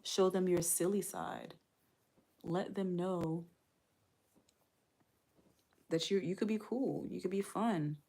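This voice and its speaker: A woman's voice: fairly low pitch, steady tone, slow pace, long pauses, warm tone. A woman who is a parent, hosting a live stream and chatting candidly with viewers in a casual way. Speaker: livestream host.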